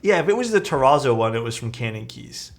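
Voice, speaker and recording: A young man chats casually with his stream chat while building a keyboard, laid-back and talkative, reading messages aloud and poking fun at himself. His mid-range voice is gravelly and very animated, and quiet music plays faintly in the background.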